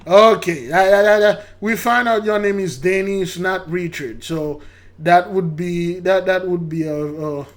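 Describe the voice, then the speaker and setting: Older male host, somewhat high-pitched; stumbles and repeats himself in casual commentary. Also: a little slow. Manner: rambling, stammering, repeats words, laughs at himself. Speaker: channel host. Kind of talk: casual commentary on a news clip.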